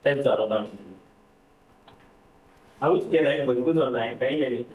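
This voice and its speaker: A man's voice: mid-range voice, fast, darkish tone. Male tutor in an echoey classroom. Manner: repeats figures, quizzes students. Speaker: finance tutor. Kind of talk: classroom lecture. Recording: roomy, distant classroom recording.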